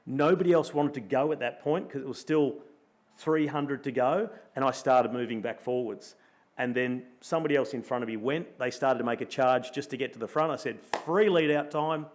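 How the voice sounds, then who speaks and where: A middle-aged Australian man, a former pro cyclist, telling a lively story at a luncheon and acting out his own thoughts as he goes. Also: mid-range voice, normal speed. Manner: animated storyteller, acts out his own thoughts in quoted asides. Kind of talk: storytelling in a live interview. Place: luncheon event room.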